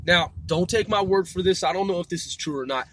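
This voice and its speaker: A man's voice: sits high, a little fast, slight background noise. A man in his forties, talking casually and rambling with lots of swearing and self-corrections while he drives, for a mobile podcast. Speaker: podcast host. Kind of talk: casual rant while driving. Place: in a moving car. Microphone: mobile recording.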